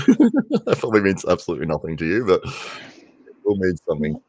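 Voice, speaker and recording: Deep-voiced Australian man chatting on stream. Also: huge pitch swings, a little fast, a little mellow, breathy edge, no echo. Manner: chatty, laughs often, acts out voices in anecdotes. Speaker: livestream host. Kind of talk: casual chat.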